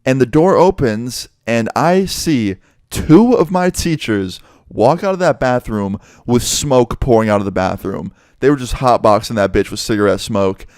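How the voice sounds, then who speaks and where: A man telling a story from his school days in a casual, animated and profane way. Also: medium pitch, unhurried, no room sound, clean studio sound.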